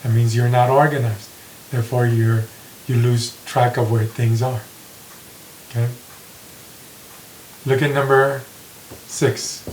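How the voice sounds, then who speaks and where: A man teaching an English grammar lesson, reading example sentences slowly and repeating them with care. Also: medium pitch, flat delivery, darkish tone. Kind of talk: slow classroom grammar lesson. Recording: echoey room with faint hiss.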